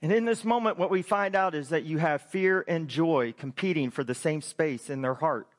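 A man's voice: on the high side, moderate pace. A man preaching a sermon to his church as pastor, emphatic and full of rhetorical questions to the congregation.

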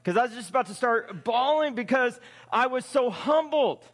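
High-voiced male pastor preaching. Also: expressive, moderate pace, a bit bright, in a large hall. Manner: conversational, emphatic, rhetorical questions. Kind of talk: sermon.

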